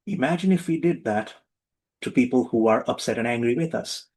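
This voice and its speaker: A man giving a lively, humorous spiritual talk to a live and online audience, acting out little voices for his jokes. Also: medium pitch, fairly quick, low-quality recording. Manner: playful, animated, acts out little voices for jokes.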